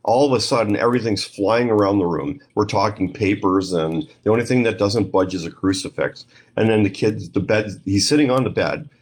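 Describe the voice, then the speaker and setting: A middle-aged man, a guest on a podcast, telling a story in an animated way and acting out the dialogue he quotes. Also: lowish voice, brisk, hardly any pauses, husky. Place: lives in Canada.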